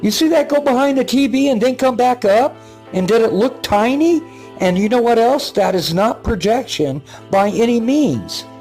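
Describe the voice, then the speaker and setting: An older man in a casual vlog, narrating his own video footage in a rambling, halting way, with repeated words and many fillers. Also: very high voice, lively intonation, a little mellow, faint music behind. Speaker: paranormal video maker.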